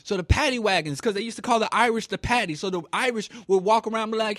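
A man's voice: sits high, fast talker, few pauses, a bit bright, dry recording, clean studio sound. A man from Kansas City giving an impassioned talk, emphatic and preachy, with rhetorical questions. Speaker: speaker.

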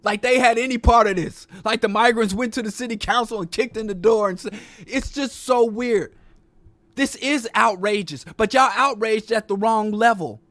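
In a high voice, a man launches into a fiery political monologue laced with profanity, his preacher-like cadence rising and falling through rhetorical questions. He keeps a moderate pace with a fairly bright tone, and the sound is close and completely dry, with no room sound.

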